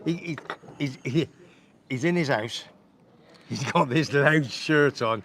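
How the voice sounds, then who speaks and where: A man's voice: mid-range voice, takes it slowly, a bit bright. A man hosting a live stream in casual chat, rambling along and calling people son and big man. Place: outdoor cafe. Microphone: phone on a live stream.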